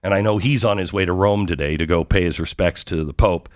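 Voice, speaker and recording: A talk show host telling a story in an excited, emphatic way, with rhetorical questions to the audience. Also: male voice, sits low, fast talker. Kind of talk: monologue recounting a visit.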